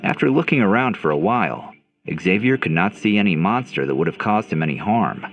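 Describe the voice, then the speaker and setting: A man with a deep, low voice reads a fantasy audio novel in scripted narration. His pitch rises and falls a lot as he tells the story dramatically. Faint music plays behind him. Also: expressive, a little fast. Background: faint background music.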